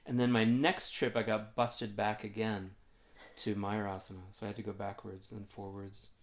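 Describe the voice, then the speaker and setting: A man's voice: lowish voice, level tone, moderate pace. A man guest telling a funny, self-mocking story in a conversation, acting out what people said.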